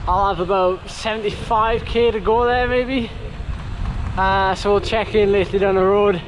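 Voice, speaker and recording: A man's voice: sits high, steady tone, a little slow, slight background noise, rough recording. A man chatting casually to a handheld camera outdoors during a long bike ride, rambling with plenty of fillers. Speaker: cyclist vlogger.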